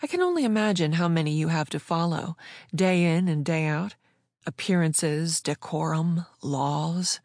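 A woman's voice: low-pitched, animated, measured pace, darkish tone, no room sound, studio quality. A woman voicing an impish, bold female pirate who taunts and coaxes with playful confidence. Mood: teasing. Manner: taunting, coaxing.

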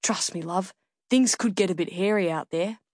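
Audiobook role: an excitable, blunt male surf director, urgent and emphatic, read by a woman narrator. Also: lowish voice, moderate pace, dry recording, clean studio sound, natural voice. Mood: insistent.

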